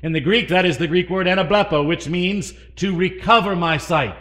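Guy preaching, high bright voice, gets loud then goes soft, asks the crowd stuff. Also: moderate pace. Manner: dynamic, swinging between loud emphasis and hushed asides; asks the congregation questions. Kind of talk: sermon.

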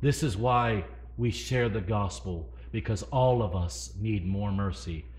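A man preaches a sermon in a lowish voice at a slightly slow pace. He swings between loud emphasis and hushed asides, putting questions to the congregation.

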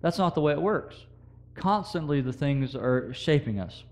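A man's voice: fairly high pitch, animated, normal speed, darkish tone. A man preaching a sermon, talking through scripture in a conversational way with quoted verses and asides to the congregation.

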